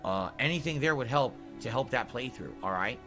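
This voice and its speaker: A man addressing his viewers with a brisk, upbeat channel update. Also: lively intonation, sharp tone, faint music behind. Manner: brisk and upbeat, pitching for support. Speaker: streamer.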